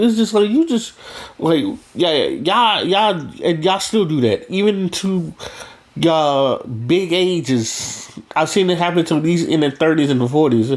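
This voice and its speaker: A man's voice: on the high side, animated, a little slow. A man talking bluntly in a casual monologue, profane and rambling, restarting his sentences as he goes. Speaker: vlogger.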